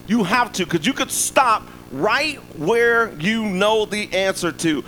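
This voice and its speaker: A man's voice: sits high, expressive, takes it slowly, few pauses, bright, forceful tone, a little hiss or hum, low-quality recording. A man preaching a sermon in a loose, conversational way, often checking in with "right?". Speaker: pastor.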